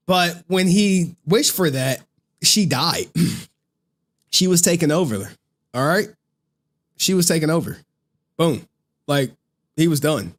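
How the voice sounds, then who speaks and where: A man's voice: fairly high pitch, slow, long pauses. A man streaming, casually recapping a horror movie in profane slang and acting out the characters' lines. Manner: animated, profane slang, acts out scenes with voices.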